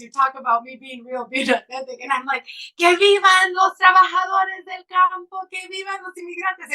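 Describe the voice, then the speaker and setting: A California author, interviewed as a guest, shares earnest, emotional stories and switches into Spanish phrases occasionally. She has a high, sharp voice, and the recording is rough.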